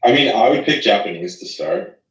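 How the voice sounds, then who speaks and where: A man hosting a casual live chat, excitable and teasing, often restarting his sentences. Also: fairly low pitch, fairly quick, roomy sound, recorded from a distance, poor audio. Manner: excitable, teasing, stop-start.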